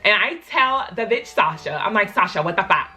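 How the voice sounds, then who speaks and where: A young woman from Baltimore, a vlogger telling a story in a lively, slangy and dramatic way. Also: medium pitch, a little fast, faint music behind. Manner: animated, slangy, dramatic retelling. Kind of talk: casual storytime.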